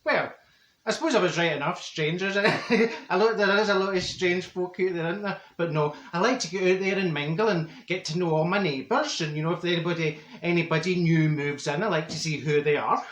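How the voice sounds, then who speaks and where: A man's voice: high voice, fairly quick, a bit bright. Marjorie, a man doing a gossipy Glasgow woman. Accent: Glaswegian Scottish. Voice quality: rambling, gossipy, self-satisfied, laughing at own jokes. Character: chatty middle-aged Glasgow woman, nosy busybody. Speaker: comedy character vlogger. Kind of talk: character comedy monologue. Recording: roomy echo.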